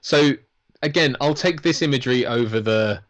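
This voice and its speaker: A man's voice: mid-range voice, moderate pace, a bit bright. A man casually chatting through a film watch-along, rambling and swearing, laughing often. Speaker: podcast co-host. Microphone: lavalier.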